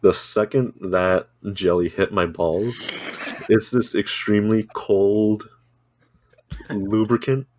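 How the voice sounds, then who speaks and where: A man's voice: on the low side, fairly even intonation, slow pace, a little mellow, no room sound. A man co-hosting a podcast, telling a rambling story in casual chat, swearing freely and laughing often. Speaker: podcast co-host.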